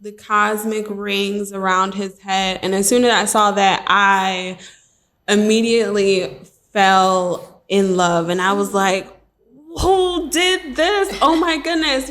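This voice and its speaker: A woman hosting a relaxed interview podcast, chatting with an animated, excitable energy. She often slips into quick impressions of what friends and family told her. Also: mid-range voice. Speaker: podcast host. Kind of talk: casual interview chat.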